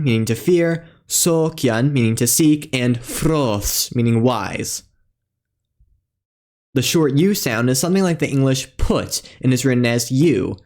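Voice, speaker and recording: A man's voice: mid-range voice, darkish tone. Man steadily narrating a language lesson. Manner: measured, careful spelling out of letters and sounds. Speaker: language teacher.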